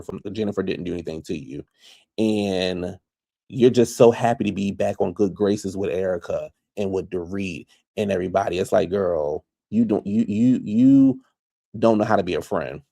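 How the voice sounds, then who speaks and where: A man casually recapping a reality TV episode for his viewers, chatty and opinionated, quick to pass judgment on the cast. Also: deep voice, creaky, mellow. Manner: chatty, gossipy, opinionated, addresses viewers as y'all.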